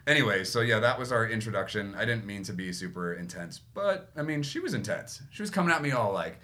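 A man's voice: on the low side, quick pace. A man hosting a podcast, telling a story in casual chat and acting out what he said back then. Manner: animated, acts out his own past lines in quotes. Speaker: podcast host.

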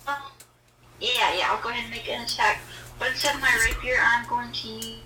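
A woman's voice: a little high, steady tone, brisk, bright, forceful tone, a little hiss or hum. A woman playing in a tabletop game, rambling and playful, with lots of "like" and "um". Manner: rambling, filler-heavy, playful. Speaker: player. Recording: roomy distant mic.

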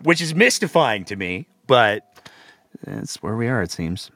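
A man's voice: lowish voice, big pitch swings, measured pace, gravelly, a bit bright, dry recording, clean studio sound. A man from Alberta hosting a political podcast, talking casually in a rambling way. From Alberta, Canada. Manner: rambling, with fillers and restarts. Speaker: podcast host.

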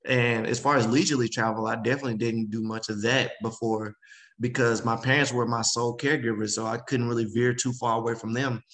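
Animated man telling his story. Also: mid-range voice, fairly quick, rough recording. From Memphis, Tennessee. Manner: animated, acts out quoted voices. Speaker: guest speaker. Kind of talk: casual interview storytelling.

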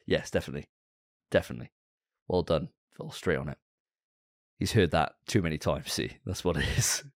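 A man's voice: very deep voice, brisk, no room sound, studio quality. A man co-hosting a casual gaming podcast, ranting with plenty of swearing. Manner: profane, fired-up ranting. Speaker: podcast co-host.

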